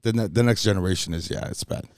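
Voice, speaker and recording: A man's voice: low voice, fast, smooth, dry recording, studio quality. A man, a DJ co-hosting a podcast, chatting casually, swearing freely and joking as he mimics crowd members. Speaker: DJ and podcast co-host. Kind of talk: casual chat.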